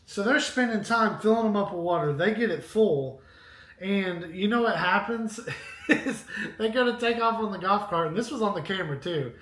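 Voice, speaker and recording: Man, high voice, casual live-stream storytelling, rambling and animated, echoey room. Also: moderate pace. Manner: animated, rambling anecdote with asides to viewers.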